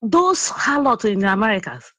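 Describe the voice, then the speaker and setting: A woman's voice: mid-range voice, very animated, normal speed, bright, forceful tone, no room sound. A woman from Nigeria with a Nigerian accent, phoning in to a talk show and speaking in an emotional, indignant, ranting way. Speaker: caller. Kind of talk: phone-in call. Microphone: phone call.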